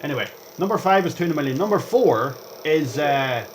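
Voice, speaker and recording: Young guy rambling over his gameplay, chatty and excitable, voice bouncing up and down a lot. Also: fairly high pitch, a little fast, slight background noise. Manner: chatty, rambling, jumps between topics; excitable, reacts aloud to the game. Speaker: gaming vlogger.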